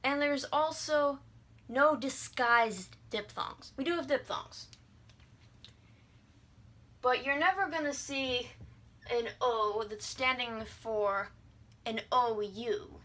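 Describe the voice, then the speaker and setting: A woman's voice: a little high, takes it slowly, long pauses, pushed and bright. A young adult woman giving a casual video lesson, breezy and irreverent, sounding out vowels and words as she explains. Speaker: language teacher.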